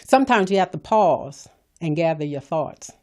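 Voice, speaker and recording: A woman's voice: low-pitched, lively intonation, moderate pace, a little mellow. A middle-aged woman hosting a motivational podcast, talking in an emphatic, preachy way and repeating her points. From California. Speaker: podcast host. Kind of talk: motivational talk.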